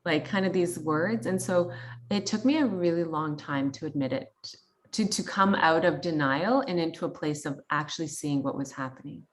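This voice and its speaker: A woman's voice: low voice, moderate pace. A woman in her thirties from Canada, sharing a personal story in a candid, chatty way full of fillers and quoted thoughts. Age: 30s. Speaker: guest.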